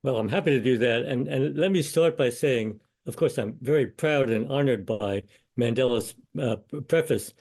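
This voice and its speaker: An older man, a law professor, answering interview questions in a measured, storytelling way. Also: medium pitch, darkish tone.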